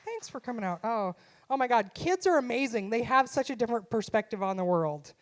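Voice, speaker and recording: Brief: middle-aged mom comic, slightly high voice, punchy self-deprecating delivery, live theater stand-up on a stage mic. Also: female voice, expressive, a little fast. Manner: punchy, self-deprecating, acts out her son's voice. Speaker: stand-up comedian. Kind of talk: stand-up comedy set.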